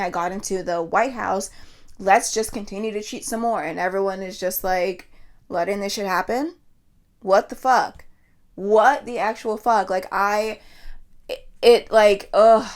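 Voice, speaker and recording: A young woman from Pennsylvania delivers an impassioned solo podcast rant, her voice at an ordinary middle pitch. She swears freely and stumbles over her words as her anger builds. The talk stays casual and fired-up throughout. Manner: heated, profane, fired-up, restarts mid-sentence. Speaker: podcast host.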